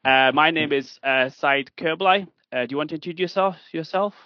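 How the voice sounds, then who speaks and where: A man's voice: on the high side, brisk, dry recording. A man hosting a casual podcast chat, speaking hesitantly with many fillers and restarts. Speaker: podcast host. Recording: dull lo-fi dry sound.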